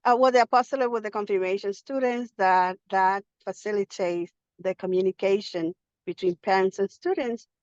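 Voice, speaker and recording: A woman who directs religious education, calling in while driving, hurried and halting with many restarts. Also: mid-range voice, darkish tone, no echo, muffled recording. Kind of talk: casual call-in sharing.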